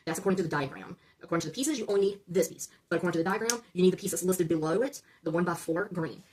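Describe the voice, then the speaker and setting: A woman's voice: fairly low pitch, racing, darkish tone. A woman hosting a casual build-along, talking viewers through each step, often checking in with "okay?" and stumbling over numbers and correcting herself. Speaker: LEGO build-along host.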